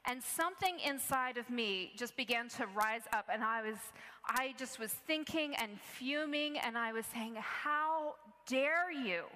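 A woman's voice: on the high side, normal speed, pushed and bright. Woman preaching in a reverberant hall. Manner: earnest storytelling, conversational with many restarts. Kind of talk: sermon. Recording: long reverb of a large hall.

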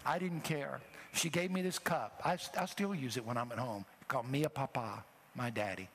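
A man's voice: mid-range voice, moderate pace, few pauses, a little hiss or hum. Emotional male preacher telling a story. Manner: emotional storytelling, swelling to loud exhortation. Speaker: traveling preacher. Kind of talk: sermon.

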